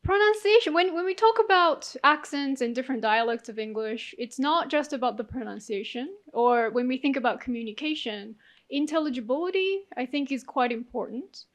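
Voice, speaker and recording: A woman's voice: high voice, expressive, fairly quick. A woman judging a speech contest, asking questions and rephrasing them to explain. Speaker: contest judge. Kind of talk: judge's questions.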